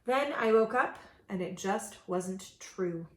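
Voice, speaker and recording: A woman reading a rhyming picture book aloud with expressive, sing-song storytelling. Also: mid-range voice, slow, echoey room.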